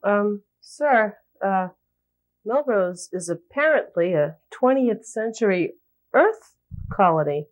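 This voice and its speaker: A woman's voice: medium pitch, animated, slow, poor audio. A woman playing a hesitant, eager young female officer on a starship in a comedy sketch. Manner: hesitant, then gushing with praise.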